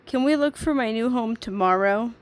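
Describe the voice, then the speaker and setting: A woman's voice: on the high side, normal speed, natural voice. A woman doing a small timid mole. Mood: plaintive. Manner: small, plaintive voice.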